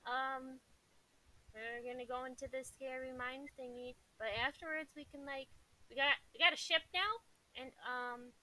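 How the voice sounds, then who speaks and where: A woman playing a tabletop game, talking in a bright, sharp voice pitched a bit high. She rambles hesitantly with lots of fillers, sweet and earnest. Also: steady tone, normal speed, low-quality recording. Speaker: player. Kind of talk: casual in-character tabletop play.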